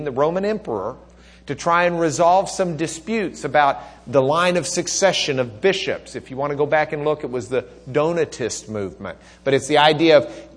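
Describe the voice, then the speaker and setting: Folksy Texan man teaching church history. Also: on the high side. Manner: folksy, joking asides, frequent fillers. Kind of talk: church class lecture. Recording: recorded on tape in class.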